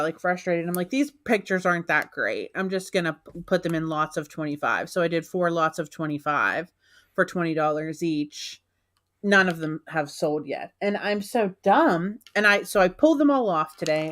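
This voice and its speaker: A woman's voice: lowish voice, fairly bright tone. A woman co-hosting a live stream, chatting casually, laughing often and poking fun at herself. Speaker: co-host of a live selling stream. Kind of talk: casual chat.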